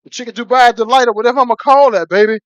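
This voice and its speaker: A man cooking on a live stream, talking excitedly to his viewers, calling them baby again and again and breaking into whoops. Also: very high-pitched, rapid-fire, smooth, no echo. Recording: dull lo-fi stream audio.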